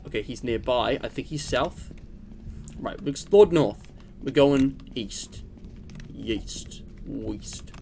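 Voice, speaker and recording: Over slight background noise, a young man with a medium-pitched, dark voice speaks expressively and at a measured pace. He rambles jokingly to his viewers while playing a game on stream, keeping the gameplay chat casual.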